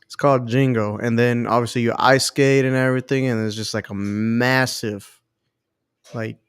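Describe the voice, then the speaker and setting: A man's voice: medium pitch, fairly even intonation, normal speed, clear, resonant tone, no echo. Laid-back male co-host, dry mic. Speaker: podcast co-host. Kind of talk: casual chat.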